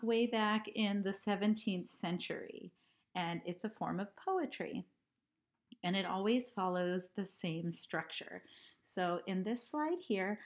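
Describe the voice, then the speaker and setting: A woman teacher giving an art lesson to children, speaking clearly and counting syllables aloud. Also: mid-range voice. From California.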